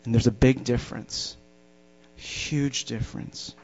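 A man preaching a sermon to a congregation in a church, emphatic and slowing down to stress key words. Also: medium pitch, fairly even intonation, darkish tone. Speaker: pastor. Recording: dull lo-fi sound.

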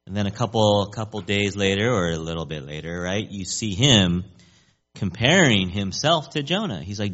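A man preaching a sermon in a conversational, animated way, often checking in with the listeners. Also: lowish voice, moderate pace, lo-fi sound.

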